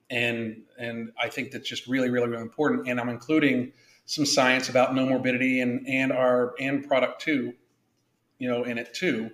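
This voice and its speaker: A man's voice: mid-range voice, fairly bright tone, reverberant. A man hosting a casual podcast, blunt and profane, rambling with frequent restarts. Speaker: podcast host.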